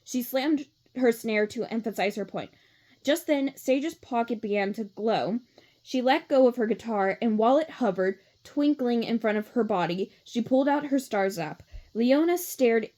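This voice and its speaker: A woman's voice: fairly high pitch, darkish tone. A woman casually reading a children's book aloud, swearing now and then and filling with "like". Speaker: reader.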